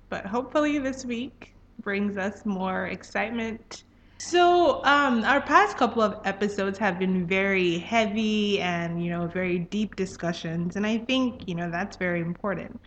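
A woman's voice: mid-range voice, highs cut off, a little hiss or hum. A woman from Nigeria hosting a podcast, chatting casually and laughing often. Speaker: podcast host.

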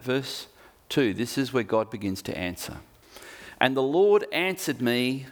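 A man preaching a sermon, earnest and emphatic, repeating key phrases and slowing down to read scripture. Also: mid-range voice, lively intonation, gravelly. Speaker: pastor.

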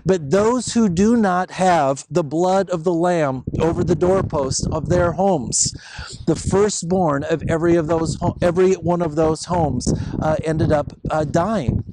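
A man's voice: a little high, unhurried, background noise. A male pastor retelling a story in a casual, conversational sermon, with fillers and asides.

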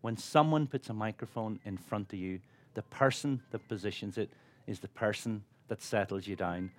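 A man's voice: fairly low pitch, normal speed. Upbeat man interviewing on stage. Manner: upbeat, encouraging, teasing interviewer. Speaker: chef and broadcaster interviewing on stage. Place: stage at an awards event.

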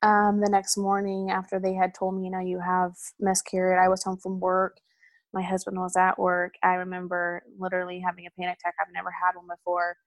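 A woman's voice: fairly low pitch, completely flat delivery, brisk, no echo. A young woman telling a personal story in a candid, rambling way, with many ums and asides. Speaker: hospital supervisor sharing a personal story.

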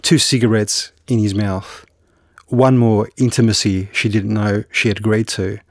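A man with a somewhat low voice talks about his novel in an unhurried, halting way, full of fillers and false starts. The sound is dry and close, with no room around it. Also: flat delivery, dry recording. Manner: hesitant, halting with restarts and fillers. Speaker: novelist guest. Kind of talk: conversational interview and book reading.

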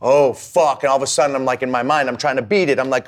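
A man's voice: mid-range voice, quick pace. A man telling a rambling, profane story in casual chat, acting out the people in it. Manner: animated, swearing, acts out his story. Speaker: comedian and rapper guest.

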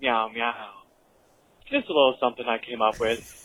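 Deadpan man leaving crude voicemails. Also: medium pitch, fast, no echo, rough recording.

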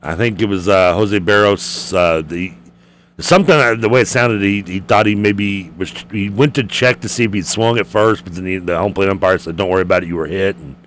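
Low-voiced teasing radio co-host. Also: male voice, fairly quick, fairly bright tone, slight background noise. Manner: teasing, chatty. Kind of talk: casual sports talk.

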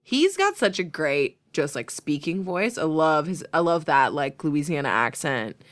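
A woman hosting a podcast chats casually, telling stories animatedly with lots of laughter and acting out quotes. Her voice is low-pitched and unhurried.

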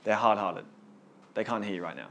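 A man's voice: fairly low pitch, animated, brisk, sharp tone, slight background noise. A man leading a small Bible study group, teaching casually and earnestly, often repeating words as he gets going.

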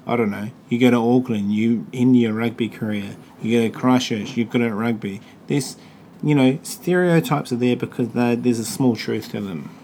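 A man's voice: medium pitch, darkish tone, slight background noise. A man with a New Zealand accent, hosting a casual podcast chat, crude and joking, swearing freely. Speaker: podcast host.

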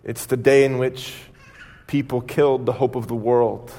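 A male pastor preaching a sermon, retelling a story dramatically with pauses. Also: medium pitch, steady tone, dark tone, big-room sound.

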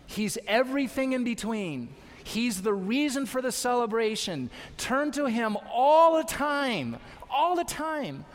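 A man's voice: very high-pitched, very animated, unhurried, big-room sound. A man preaching a sermon as pastor, exhorting his congregation with repeated calls to trust and obey. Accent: American. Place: church sanctuary.

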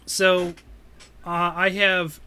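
A man voicing a tiny, proud, tireless female gnome investigator in a tabletop game, talking earnestly and a little haltingly. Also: fairly low pitch, flat delivery, bright, forceful tone, clean tone, exaggerated voice. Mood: briefing. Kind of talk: tabletop role-play.

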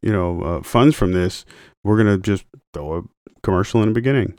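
Casting: young man, low voice, dry close sound, argumentative podcast co-host who keeps cursing. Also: fairly quick, darkish tone, clear, resonant tone, dry recording. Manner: argumentative, stubborn, swearing. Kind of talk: casual chat.

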